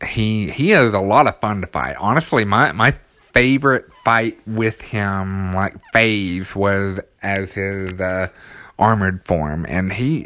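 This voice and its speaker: A man's voice: lowish voice, fairly bright tone, no room sound, studio quality. A man with a small child, talking casually about a video game, with lots of ums and restarts. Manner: rambling, many ums and restarts, enthusiastic. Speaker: gaming commentator.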